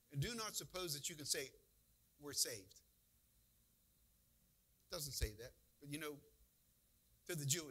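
A man pastor preaching in a bright, forceful voice. His delivery is folksy and conversational, with sudden emphatic bursts, and it sits a little high for a man. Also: husky, rough recording. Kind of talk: sermon.

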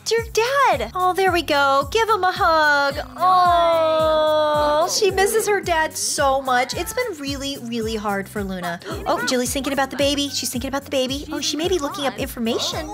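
A woman commentating on her life-simulation game, reacting with gasps and worried, excited exclamations. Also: high voice, fairly quick, few pauses. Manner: excitable, gasping, fretful reactions. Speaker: let's play host. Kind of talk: gameplay commentary. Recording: game music behind voice. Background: game music.

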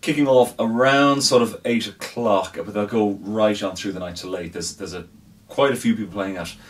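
A man's voice: fairly low pitch, moderate pace, distant mic. A man, chatting casually as co-host about weekend events, swearing freely and trailing off with fillers. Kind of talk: casual chat.

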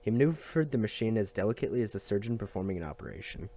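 A man reading a novel aloud at a steady pace, with small slips and restarts. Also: lowish voice, racing, muffled recording. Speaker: audiobook reader.

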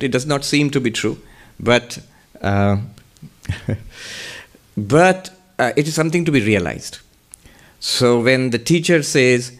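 A man in the role of a monk and spiritual teacher answers questions in a lecture. His voice sits in an ordinary middle register for a man. He explains in a measured, unhurried way and laughs lightly now and then. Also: mid-range voice, expressive.

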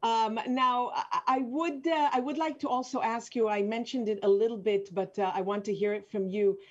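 A woman's voice: a little high, fairly even intonation, normal speed. Encouraging woman moderator, lo-fi call. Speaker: interviewer, session moderator. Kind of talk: online panel interview.

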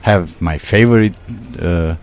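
Slow, hesitant older man. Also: deep voice. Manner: hesitant, many pauses and fillers, formal wording. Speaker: poet, guest. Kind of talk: radio interview. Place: radio studio.

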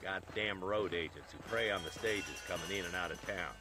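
An actor voicing a stern, determined marshal in a western video game, speaking firmly. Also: male voice, deep voice, brisk, close to an everyday voice. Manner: firm, gritty. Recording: game audio with loud music behind.

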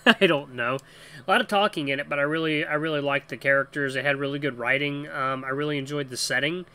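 A man's voice: fairly high pitch, fairly even intonation, a little fast, pushed and bright. A man hosting a gaming channel, commenting enthusiastically as he plays, rambling with fillers. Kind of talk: let's play commentary.

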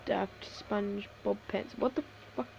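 A woman giving casual live commentary over a shooter game, swearing a lot, laughing often and reacting excitably. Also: medium pitch, unhurried, vocal fry, a little hiss or hum. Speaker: gameplay commentator.

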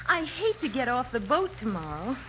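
A high, lilting young bride. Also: female voice, sing-song, moderate pace, background noise. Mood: happy. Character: adoring young bride, gentle and delighted. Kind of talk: 1940s radio acting. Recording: muffled old radio broadcast with music.

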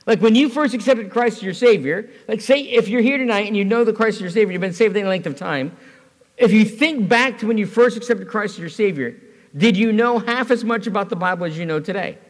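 Pastor guy with a high voice, chatty sermon full of questions, church reverb. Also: a little fast. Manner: conversational, storytelling with rhetorical questions.

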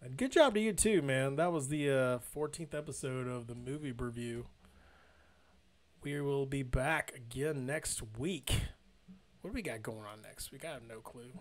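A man's voice: medium pitch, moderate pace. A man in his thirties co-hosting a casual podcast, easygoing and teasing, laughing often. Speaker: podcast co-host. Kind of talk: casual chat.

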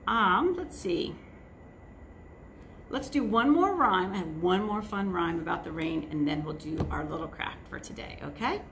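A woman librarian reading a picture book and leading a virtual circle time for young children, speaking gently and directly to them. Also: fairly low pitch, expressive, a little slow, a little hiss or hum. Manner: warm, gentle, addressing children. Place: indoors at a table. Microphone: phone camera.

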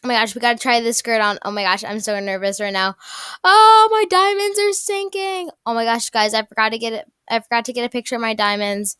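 A young woman giving casual gameplay commentary, excitable and gushing, often repeating herself and restarting. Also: on the high side, fast talker, hardly any pauses, clear, resonant tone, dry recording, studio quality. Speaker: gaming YouTuber.

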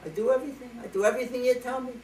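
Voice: medium pitch, steady tone, racing, a little mellow, a little hiss or hum, voice pushed up, natural voice. A storyteller voicing a poor young rabbi who whines and pleads to God, recorded roomy and from far off the mic. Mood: pleading. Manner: whiny, plaintive pleading.

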